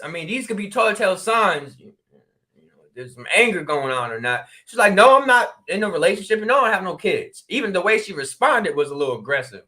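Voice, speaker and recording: A man from Connecticut tells a story in an easygoing, talkative way. He acts out each side of the conversation with sudden exclamations. His voice sits high and sounds bright and forceful. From New Haven, Connecticut. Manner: animated, acts out dialogue with quick exclamations. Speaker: spiritual regression practitioner. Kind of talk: storytelling in casual talk.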